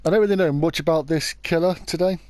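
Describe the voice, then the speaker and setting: A man's voice: on the high side, quick pace, a little mellow, dry recording. A British man hosting a true crime video, telling a story in a chatty, informal way and often backtracking to correct himself. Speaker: YouTube true crime host. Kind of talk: casual storytelling narration.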